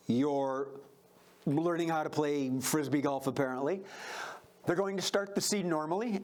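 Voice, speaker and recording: A man's voice: mid-range voice, darkish tone. A man hosting a live improv comedy show on stage, upbeat and chatty as he takes suggestions from the audience.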